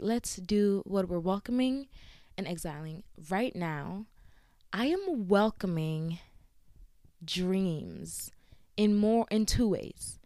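A young woman hosting a casual solo podcast, chatty and giggly, acting out quoted lines with lively jumps in pitch. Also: smooth, no echo, studio quality. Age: young adult. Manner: chatty and giggly, with frequent laughs. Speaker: podcast host.

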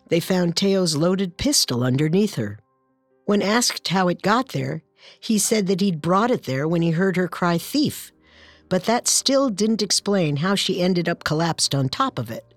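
Female true-crime co-narrator, lower voice, dry studio sound. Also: animated, normal speed, dry recording, soft background music.

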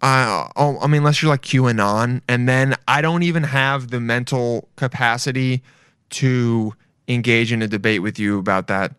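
A man's voice: medium pitch, moderate pace, a bit bright, smooth, no echo, clean studio sound. A young man giving casual, profane, mocking commentary while reacting to a video, rambling as he goes.

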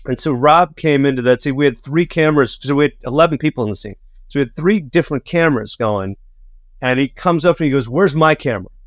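A man co-hosting a podcast, telling stories in a lively way and slipping into the voices of the people he quotes. His pitch sits in the middle and the sound is close and dry, with no room around it. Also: quick pace, no echo. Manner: animated storyteller who acts out quoted people. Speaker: podcast co-host. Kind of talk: casual chat, anecdotes.

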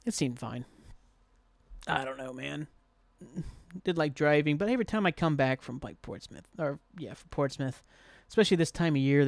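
A man's voice: medium pitch, gravelly, dry recording. A man hosting a solo podcast, rambling in casual chat with lots of "like" and easy swearing, recorded at his home desk. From Southern Ohio. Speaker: podcast host.

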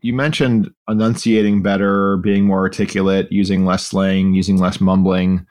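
A man's voice: low voice, little pitch movement, moderate pace, darkish tone. A man hosting a podcast who asks thoughtful questions with some hedging. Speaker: podcast host. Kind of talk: casual interview chat.

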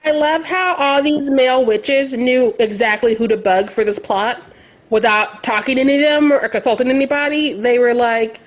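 A woman co-hosting a podcast, recapping a movie in casual chat with sarcastic, animated jokes and frequent laughter. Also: sits high, moderate pace. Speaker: podcast co-host.

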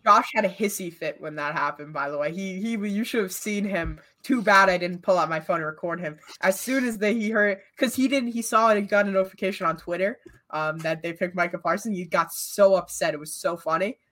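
A woman's voice: on the low side, fairly quick, fairly bright tone. A woman co-hosting a casual sports podcast, blunt and heated in her opinions. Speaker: podcast co-host.

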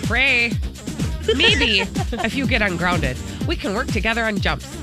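A woman's voice: on the high side, expressive, measured pace, music in the background. A woman voicing a bubbly teenage girl reading her note aloud, in an exaggerated, sing-song put-on mix of Chicago and Fargo accents. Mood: chirpy. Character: teen girl pen pal, bubbly, thick Midwest accent.

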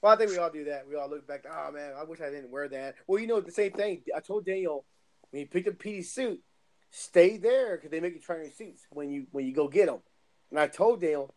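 A man's voice: fairly high pitch, brisk, a little mellow. A man in casual podcast chat, telling stories animatedly, acting out quotes and laughing.

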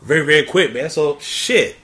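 A man hosting a casual podcast, hyping the episode with drawn-out intros. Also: on the high side, expressive, bright, forceful tone, slight background noise. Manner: laughing, drawn-out hype intros. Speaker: podcast host. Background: faint theme music.

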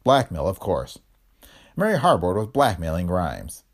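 A man playing a calm, smug detective. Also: low voice, unhurried, exaggerated voice. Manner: calm, bland, lecturing.

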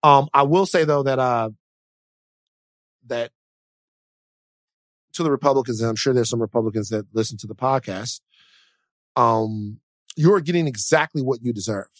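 A man co-hosting a podcast, talking casually and emphatically about politics and faith, slow and preachy at times. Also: mid-range voice, dry recording. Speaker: podcast co-host.

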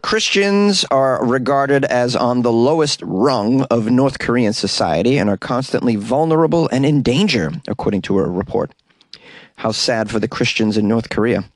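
A man's voice: mid-range voice, dry recording. A man hosting a comedy news podcast, reading stories and cutting in with sarcastic jokes, recorded in a small closet. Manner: sarcastic, joking asides. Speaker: podcast host.

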